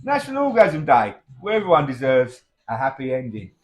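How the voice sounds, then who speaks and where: A middle-aged man delivers cheeky, blokey one-liners in comic banter. His pitch is mid-range for a man but moves animatedly. He keeps it matey and mischievous. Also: wildly swooping pitch, brisk. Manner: cheeky, blokey, saying mate a lot. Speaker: comedy double act co-host.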